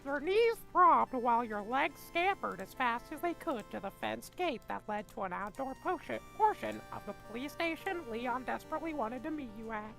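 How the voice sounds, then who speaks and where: A man putting on a shrill creaky storybook voice. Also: lively intonation, a bit bright, faint music behind, heavily acted. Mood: melodramatic. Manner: reads slowly and theatrically, stumbling over words. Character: shrill high storybook narrator voice, melodramatic. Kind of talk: mock-dramatic fanfiction reading.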